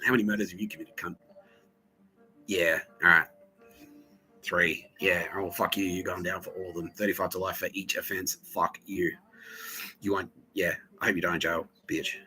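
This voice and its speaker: A man's voice: low-pitched, fairly even intonation, normal speed, long pauses, pushed and bright, soft background music, low-quality recording. An Australian man hosting a podcast, telling a rambling, crude story full of swearing and muttered asides. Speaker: podcast host. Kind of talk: rambling profane monologue.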